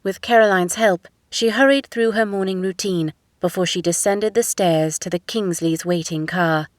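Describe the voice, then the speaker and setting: This is scripted narration of a romance audiobook by a woman with a lowish voice, told in a steady, measured storytelling style. The recording is dry and of studio quality.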